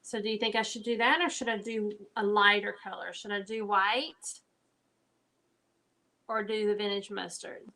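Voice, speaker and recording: A woman's voice: medium pitch, fairly even intonation, normal speed, bright, forceful tone. A woman hosting a live craft stream, chatting to viewers as she paints. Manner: chatty, talks straight to viewers while working. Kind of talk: casual live-stream chat.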